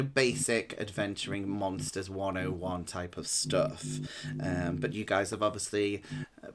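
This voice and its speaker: Rambling male game master. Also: fairly low pitch. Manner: relaxed, rambling explanations with many ums. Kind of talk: running a tabletop game over a call.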